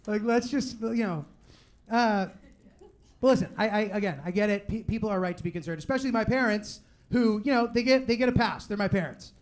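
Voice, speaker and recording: A young man doing a live stand-up set, talking in a loose, rambling way full of "like" and "you know what I mean," and acting out quick quotes of other people. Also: sits high. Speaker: stand-up comedian. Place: live comedy venue with audience.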